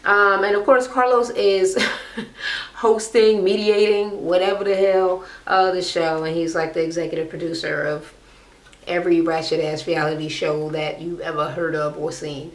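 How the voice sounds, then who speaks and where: A woman's voice: fairly low pitch, steady tone, normal speed, echoey room. A woman recapping a reality show in casual, blunt, profane chat, mimicking the people she talks about.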